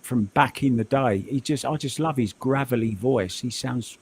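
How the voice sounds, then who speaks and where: A man's voice: medium pitch, moderate pace, a little hiss or hum. A man co-hosting a casual podcast, playful and teasing. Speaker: podcast co-host.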